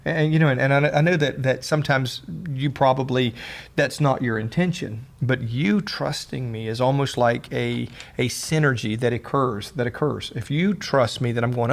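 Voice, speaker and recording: A middle-aged man co-hosting a casual talk on marriage, earnest and often halting over repeated words. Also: medium pitch, gravelly. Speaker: podcast co-host, husband. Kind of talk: casual conversation about marriage.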